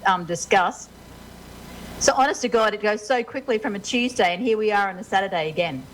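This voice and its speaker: A woman's voice: medium pitch, fairly quick, a little hiss or hum, poor audio. A woman with an Australian accent co-hosting a casual talk show over a video call, teasing and affectionate, calling people "love". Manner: warm, teasing, says "love" often. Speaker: co-host.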